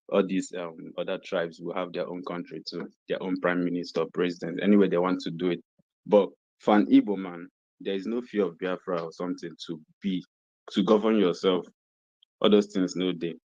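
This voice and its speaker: Deep Nigerian man on a dull call line. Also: a little mellow, dry recording. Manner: easygoing, musing, many fillers. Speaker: guest. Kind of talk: casual chat over a call. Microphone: phone or video call.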